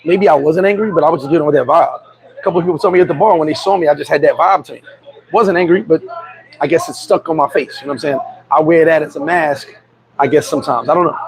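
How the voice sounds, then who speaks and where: A man's voice: a little high, fast, a little hiss or hum, low-quality recording. A middle-aged man hosting a vlog, telling a candid personal story in a streetwise way, restarting and repeating himself. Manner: streetwise, repeats and restarts, frequent "you know what I'm saying". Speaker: vlog host. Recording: loud crowd chatter behind.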